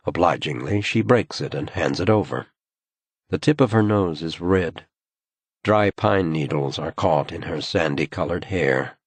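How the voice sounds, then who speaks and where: A man narrating a thriller audiobook in a slow, measured reading. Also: low-pitched, animated, husky, dry recording. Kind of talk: scripted narration.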